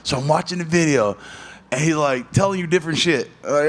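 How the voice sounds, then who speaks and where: A man who fights professionally, answering questions in a casual interview, telling stories with a lot of swearing and rambling. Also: brisk. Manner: profane, rambling storyteller; jumps high in pitch when telling a story. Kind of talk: casual media day interview.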